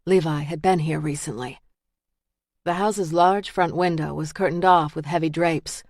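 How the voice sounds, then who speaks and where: A woman reading a dark thriller audiobook in a measured, steady way. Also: sits low, dry recording, studio quality. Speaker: audiobook narrator. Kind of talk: scripted thriller narration.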